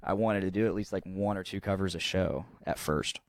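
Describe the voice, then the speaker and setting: Deep-voiced rambling man telling a story. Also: fairly quick, dry recording. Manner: rambling, swears freely, restarts often, laughs at own story. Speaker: podcast co-host. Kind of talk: casual storytelling chat.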